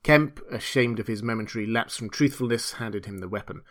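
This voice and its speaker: A man narrating a classic novel as an audiobook, in a measured, dramatic storytelling manner. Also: on the low side, a bit bright.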